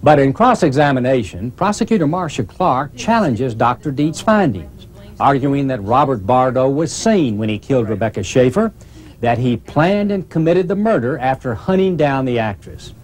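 A man reading scripted documentary narration in a steady, serious tone. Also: mid-range voice, normal speed.

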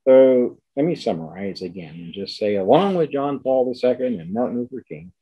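An older man giving an academic lecture, emphatic, repeating key words and slowing down to stress them. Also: medium pitch, animated, breathy edge, lo-fi sound.

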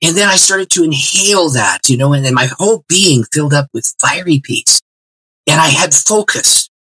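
Lively, husky-voiced man telling a story. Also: a little high, normal speed, low-quality recording. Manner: lively, expressive storyteller who acts out dialogue. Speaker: guest pastor. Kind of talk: animated personal storytelling.

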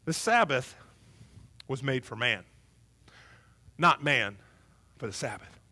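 A man voicing Jesus as a calm, confident grown man who speaks gently and with assurance. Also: medium pitch, takes it slowly, long reverb tail, pitched below the performer's own voice, full character voice. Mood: assured.

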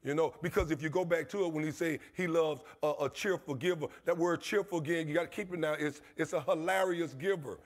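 A man's voice: fairly high pitch, fairly quick, few pauses. A man pastor, preaching a passionate sermon in his church with call-and-response and repetition. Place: church sanctuary.

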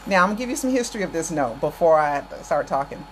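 A woman's voice: sits low, big pitch swings, fast, slight background noise. A woman from the United States hosting her channel, ranting emphatically to her viewers and repeating her points for force. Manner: emphatic, repeats phrases, addresses viewers directly. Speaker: channel host. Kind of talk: impassioned political rant to viewers.

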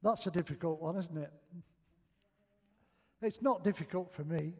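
A man's voice: on the high side, moderate pace, warm tone, breathy edge. An older man with a Northern English accent, preaching in a chatty, self-mocking way and acting out the lines of his own stories. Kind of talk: humorous sermon storytelling. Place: church hall.

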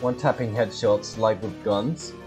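Over music, a gaming host keeps up relaxed let's-play commentary, often laughing and breaking into frantic repeated cries when he's being chased. His fairly low voice holds a steady tone at a moderate pace.

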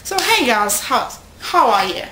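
Slow-talking rambling young woman vlogger. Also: fairly high pitch, a little hiss or hum. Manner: rambling, excitable, with self-interruptions. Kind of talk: casual chat to camera. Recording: echoey room.

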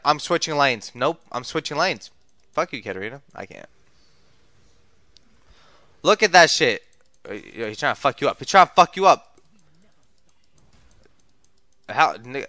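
A young man giving profane play-by-play while gaming, muttering low and then yelling and trash-talking his teammates. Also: no echo, clean studio sound. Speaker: gamer streaming his play. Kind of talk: profane gameplay commentary.

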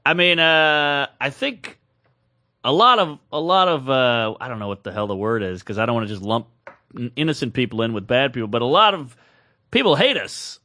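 A man co-hosting a podcast in casual comic banter, excitable and quick to break into ranting bits. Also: no echo. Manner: excitable, jumps into high-pitched rants. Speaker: podcast co-host. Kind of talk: casual comedic chat.

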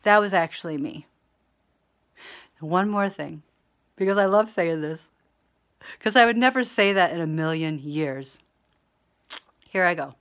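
A woman speaking quietly and calmly in a casual video message to camera. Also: on the low side, measured pace, pauses often. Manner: quiet, soft-spoken, calm. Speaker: digital creator.

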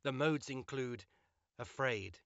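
A man's voice: medium pitch, slow, muffled recording, very noisy. A man reading a scripted promotional voice-over in a playful, theatrical manner. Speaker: ad narrator.

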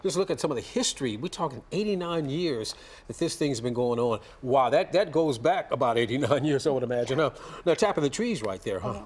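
A man's voice: mid-range voice, expressive, a little fast. A man anchoring a live morning TV news segment in a studio, folksy and upbeat, with lots of restarts and "mm-hmm"s.

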